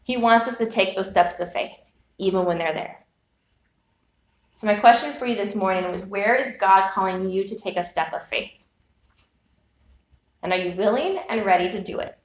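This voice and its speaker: A woman's voice: mid-range voice, normal speed, pauses often. A woman preaching a sermon, telling a personal story with earnest, reflective rhetorical questions. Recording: echoey room.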